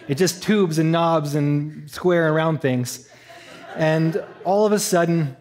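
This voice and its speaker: A man from Eastern Canada telling a personal story in a sermon, animated and laughing, acting out the voices. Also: on the high side. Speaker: church speaker.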